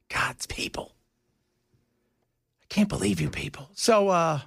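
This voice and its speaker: A man's voice: sits high, creaky, fairly bright tone, no echo, clean studio sound. A man hosting a radio talk show, joking and sarcastic in casual banter. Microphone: studio mic.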